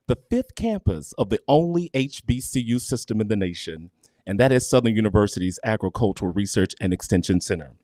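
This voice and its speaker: A man's voice: lowish voice, big pitch swings, fairly quick, warm tone, dry recording. A man hosting a live fundraising broadcast, speaking with an emphatic, preacher-like cadence. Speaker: broadcast host.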